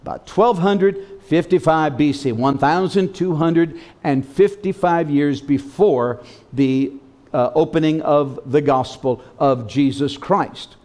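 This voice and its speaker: A man's voice: fairly high pitch, takes it slowly, darkish tone. A male pastor preaching a sermon, reading scripture dramatically and leading the congregation to repeat words back. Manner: dramatic reading, leads the congregation in call-and-response. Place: church sanctuary.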